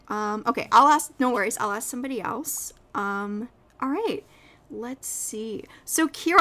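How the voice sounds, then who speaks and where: A young woman hosting a casual live podcast, effusive and quick to laugh as she asks her guests questions. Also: on the high side. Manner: warm, effusive, laughs often. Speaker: podcast host.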